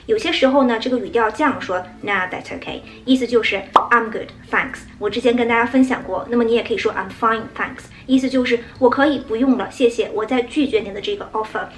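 A woman English teacher explaining English phrases in a brisk, explanatory way and acting out example lines. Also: fairly high pitch. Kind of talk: explaining English usage in Mandarin.

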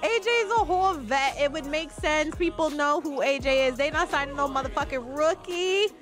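A woman giving casual, profane gameplay commentary, voicing her characters' thoughts in quick asides. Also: high-pitched, faint music behind. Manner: lively, swearing, voices characters' thoughts in asides. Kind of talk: casual let's play commentary.

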